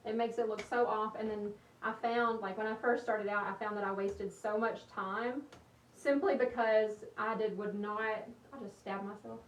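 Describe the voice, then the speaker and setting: A woman's voice: mid-range voice, steady tone, moderate pace. A young woman, chatting in a bubbly, rambling way while she crafts on a livestream, talking to her viewers. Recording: roomy, slightly distant with faint hiss.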